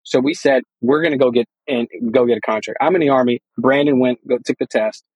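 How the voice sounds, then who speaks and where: A man with a slightly husky voice tells his story in a relaxed interview. He rambles a little and slips into quoted dialogue as he goes. The sound is dry and close. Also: medium pitch, a little fast, no room sound, poor audio. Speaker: guest, real estate investor.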